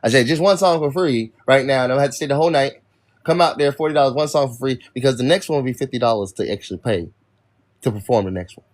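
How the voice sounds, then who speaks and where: A young man hosting a livestream vents to his chat in an irritated, profane rant. His medium-pitched voice moves at a quick pace.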